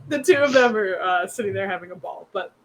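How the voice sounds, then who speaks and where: A woman's voice: medium pitch, expressive, brisk, over a noisy crowd, rough recording. A young woman narrating as game master in a rambling, filler-heavy, giggly way.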